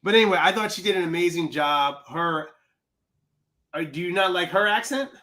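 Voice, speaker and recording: A man's voice: high-pitched, expressive, normal speed, sharp tone. A man co-hosting a podcast in casual chat, teasing and playful, often restarting his sentences. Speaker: podcast co-host.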